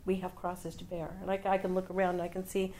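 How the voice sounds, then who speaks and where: A woman's voice: fairly low pitch, monotone, fast, mellow. A woman sharing a personal reflection with a Bible study group, thoughtful and searching, with occasional ums as she questions herself. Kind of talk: personal testimony.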